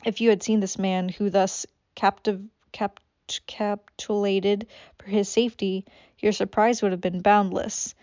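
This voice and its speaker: A woman's voice: medium pitch, little pitch movement, unhurried, a little mellow, dry recording, dull audio. A woman reading a classic novel aloud as an amateur audiobook, stumbling over words and breaking off for swearing asides. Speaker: audiobook reader.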